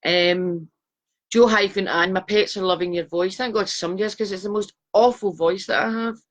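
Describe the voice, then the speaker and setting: Woman, Glasgow Scottish accent, middle-aged, mid-pitched voice, chatty live stream host, self-deprecating. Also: steady tone, normal speed. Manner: chatty, self-deprecating, greeting viewers by name. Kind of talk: casual live stream chat.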